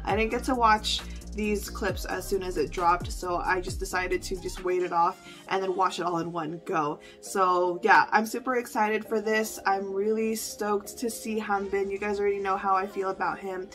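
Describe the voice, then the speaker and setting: A woman's voice: mid-range voice, level tone, normal speed, hardly any pauses, a bit bright. A young woman hosting a reaction channel, chatting casually and gushing with emotional exclamations. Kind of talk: casual reaction video chat. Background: faint music.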